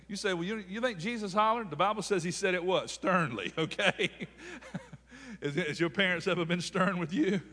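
A man's voice: high voice, a little fast, pushed and bright, breathy edge, in a large hall. A man preaching a sermon with call-and-response, speaking. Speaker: pastor.

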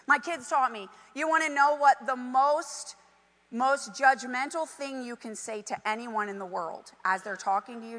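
A woman preaching a sermon, animated and emphatic, with conversational asides to the congregation. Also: a little high, moderate pace, in a large hall. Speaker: pastor.

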